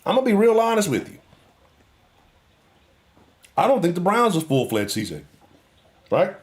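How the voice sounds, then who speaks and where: Animated, profane sports talk host. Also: male voice, sits high, moderate pace. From Houston. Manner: profane, animated, swings from loud outbursts to mutters. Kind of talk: live sports talk rant.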